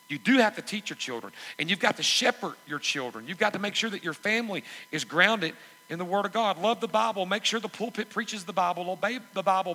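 A man preaching from the pulpit in a church sanctuary, his bright voice sitting a touch high. He hammers each point with repeated phrases and climbs to loud calls to the congregation. The sound rings with the long reverb of a big hall. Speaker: pastor. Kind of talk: sermon.

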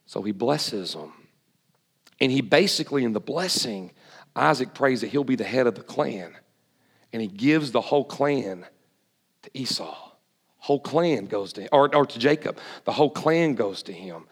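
A man's voice: medium pitch, normal speed, husky, big-room sound. A man preaching a sermon, retelling a story and questioning the audience. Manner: animated, asks the audience questions.

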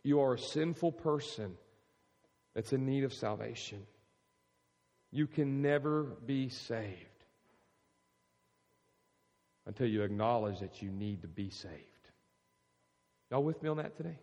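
A man's voice: mid-range voice, animated, slow, pauses often, darkish tone. A male pastor preaches in a mid-range voice, storytelling and asking the room questions. His voice rings with a long hall reverb. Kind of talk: sermon.

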